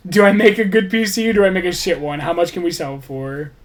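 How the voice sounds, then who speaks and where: A man's voice: high voice, animated, brisk. A man chatting casually on his livestream, rambling, restarting sentences and swearing offhandedly.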